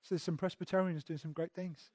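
A man's voice: fairly high pitch, steady tone, quick pace, a little mellow, no room sound. A man, a pastor, preaching a sermon conversationally and emphatically, often repeating words as he goes.

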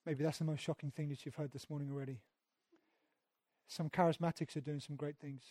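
A man's voice: fairly high pitch, steady tone, brisk, mellow, no echo, studio quality. A man, a pastor, preaching a sermon conversationally and emphatically, often repeating words as he goes.

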